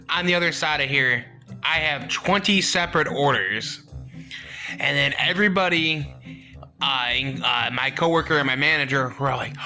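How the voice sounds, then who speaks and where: A young man telling a work story in a casual vlog, rambling and halting, acting out the quotes. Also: mid-range voice, sharp tone, soft background music.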